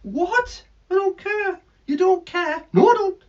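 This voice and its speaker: A man's voice: very high-pitched, animated, a little slow, voice pushed up. A man voicing a mischievous male bird puppet who talks back stubbornly in a squawky voice, in a ventriloquist act. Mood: defiant. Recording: dull lo-fi recording.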